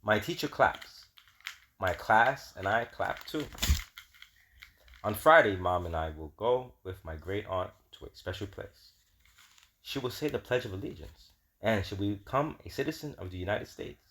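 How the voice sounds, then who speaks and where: A man reading a children's picture book aloud, slow, steady and gentle. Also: fairly low pitch. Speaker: storybook reader.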